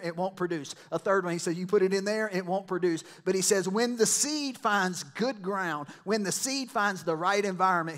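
A male pastor preaches a sermon in a church. His voice sits a little high for a man. He talks to the congregation like he is chatting with them, breaks into side stories and plays out what people said. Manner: conversational preaching with asides and quoted voices.

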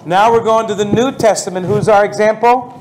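High-voiced pastor quizzing his audience. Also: fairly quick. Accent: American. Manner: energetic, asks the audience many questions. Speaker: pastor leading a prayer seminar. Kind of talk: interactive seminar teaching.

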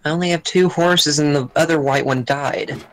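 A man's voice: on the high side, moderate pace, rough recording. Chatty man streaming a block game. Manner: rambling, chatty commentary while playing. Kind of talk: casual gaming chat.

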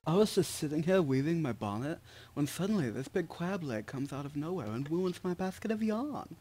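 A man's voice: a little high, sing-song, brisk, darkish tone, husky. A man voicing a fussy male elf who knits, in a prissy, indignant manner.

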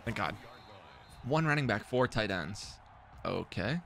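With a lowish, creaky voice and an unhurried pace, a young man provides live commentary while streaming a football video game. He talks casually with viewers, gets excited, swears and suddenly bursts out loudly, over slight background noise.

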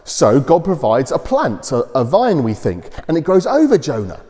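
A man preaches a children's talk, his fairly high voice rising and falling in lively swings as he retells a Bible story. His tone stays soft and mellow, explaining things in plain terms. The sound carries a long reverb from the church. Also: moderate pace. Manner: animated storytelling with simple explanations.

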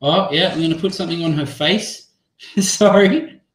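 A man's voice: fairly high pitch, fairly even intonation, quick pace, a bit bright. A man presenting a live teacher-training webinar, chatty and apologetic, thinking aloud as he demos an app on a video call. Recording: echoey room sound.

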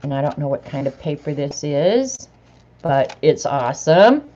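A middle-aged woman vlogger chats casually with viewers while opening happy mail, laughing and reading bits aloud. Her deep voice is sing-song, warm and a little slow, with the highs cut off.

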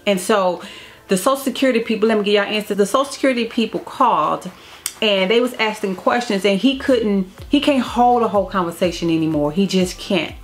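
A woman's voice: mid-range voice, fairly quick. A woman telling a personal family story to her vlog viewers in a candid, emotional way, often repeating phrases. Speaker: vlogger. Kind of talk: casual storytime to camera.

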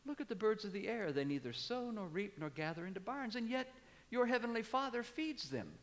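A man in his sixties preaches a sermon, his slightly high voice climbing to emphatic peaks before dropping back low. His words ring with the long reverb of a church sanctuary. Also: big pitch swings, fairly quick, fairly bright tone. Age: 60s. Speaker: pastor.

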